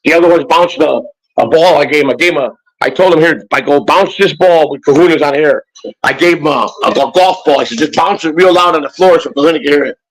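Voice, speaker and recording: An older man, a grandfather, co-hosts a casual morning chat show, rambling and joking with many restarts. He talks fast in a fairly high voice, and the recording quality is low.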